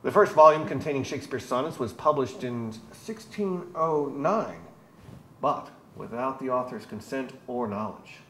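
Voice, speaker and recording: A man with a voice of ordinary pitch delivers a scripted lesson in a dry, tongue-in-cheek way. The room adds a noticeable echo, and faint noise sits in the background. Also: expressive, normal speed, a bit bright. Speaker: presenter explaining poetry. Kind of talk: scripted educational narration.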